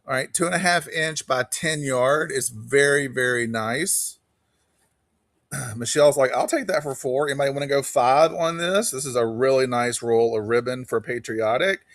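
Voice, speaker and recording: A man hosting a live online auction stream, chatting casually and quickly calling bids while greeting viewers by name. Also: mid-range voice, a bit bright, dry recording, clean studio sound.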